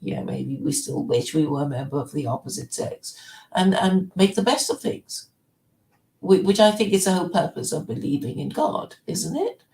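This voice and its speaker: A woman's voice: on the low side, expressive, normal speed, gravelly, dark tone, reverberant, a little hiss or hum. A woman hosting a casual discussion, speaking hesitantly and repeating words as she thinks. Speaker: host.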